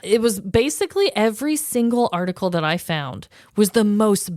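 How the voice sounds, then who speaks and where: A woman co-hosting a podcast in casual chat, animated and laughing often as she acts out quotes. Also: mid-range voice, normal speed, dry recording, clean studio sound. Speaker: podcast co-host.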